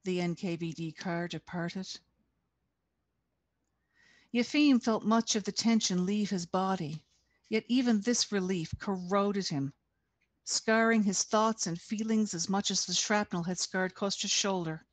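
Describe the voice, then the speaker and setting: A woman reads from her novel at an unhurried, deliberate pace, giving each sentence weight. Her voice sounds close and dry, with no room around it. She speaks over a video call. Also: medium pitch, no echo. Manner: measured, deliberate. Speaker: author reading her novel. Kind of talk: expressive reading aloud.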